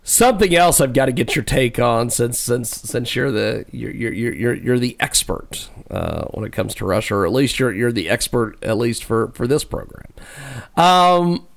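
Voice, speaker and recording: A man's voice: medium pitch, lively intonation, normal speed, creaky. A male radio show host interviewing a guest in a casual, rambling way, laughing often and poking fun at himself.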